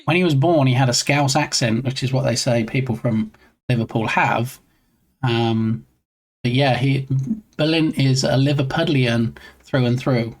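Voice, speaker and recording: Male live streamer, mid-pitched, playful and rambling, bantering with chat at his desk mic. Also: a little slow. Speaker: game dev streamer. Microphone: own desk mic.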